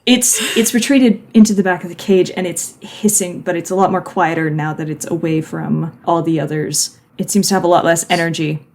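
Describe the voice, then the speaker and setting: A woman's voice: on the low side, fairly even intonation, moderate pace, hardly any pauses, darkish tone. Laughing woman running a tabletop game. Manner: laughs often while narrating. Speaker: game master.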